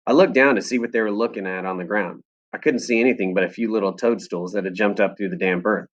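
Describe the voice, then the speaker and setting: Male teacher reading a chapter aloud in class, expressive storyteller, slightly muffled recording. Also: lowish voice, fast talker. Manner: expressive storytelling with lively voices.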